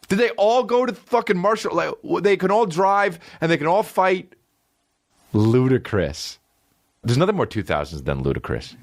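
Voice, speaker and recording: A male podcast host talking in a casual, crude, rambling way, sliding into little voiced bits as he goes. His voice sits a bit high for a man and swings through a lively, animated range. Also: unhurried, no echo, clean studio sound. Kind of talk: casual comedic riffing.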